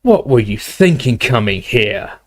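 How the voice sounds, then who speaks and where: A man voicing a gruff, belligerent old barman who bellows and scoffs. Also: medium pitch, big pitch swings, a little slow. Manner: bellowing, scornful, defiant.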